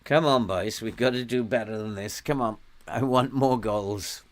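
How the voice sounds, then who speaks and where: Fairly even in intonation, with a lowish voice at normal speed, an older Welshman streams and comments casually on his game. Chatting along, he spurs on and tells off his virtual players, laughing frequently.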